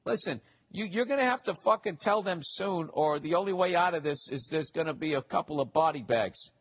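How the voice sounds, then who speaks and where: A man's voice: fairly high pitch, lively intonation, brisk, fairly bright tone, breathy edge. A man in his forties hosting a solo comedic podcast, rambling and profane, often poking fun at himself. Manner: rambling, profane, self-deprecating. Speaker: podcast host.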